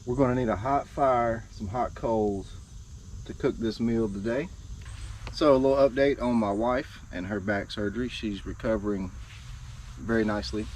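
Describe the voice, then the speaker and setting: A man's voice: lowish voice, moderate pace, darkish tone, slight background noise. A man hosting a casual outdoor cooking vlog at a woodland camp, talking to the camera in a laid-back, folksy way. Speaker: bushcraft channel host.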